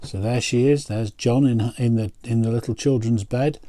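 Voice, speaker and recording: A man, a pastor, reading a picture book aloud and pausing to point out the pictures. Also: mid-range voice, fairly even intonation, mellow.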